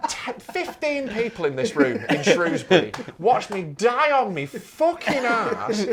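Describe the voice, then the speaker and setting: Animated swearing comedian. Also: male voice, high-pitched, normal speed, very noisy. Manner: animated storyteller, swears a lot, laughs through punchlines. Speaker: stand-up comedian, podcast guest. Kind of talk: casual podcast chat, storytelling.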